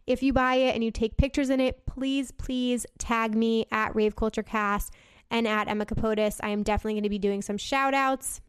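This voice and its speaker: A woman's voice: fairly high pitch, clean tone, no echo, studio quality. A young woman hosting her own podcast, chatting casually and enthusiastically with frequent fillers. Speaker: podcast host. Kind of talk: casual solo podcast chat.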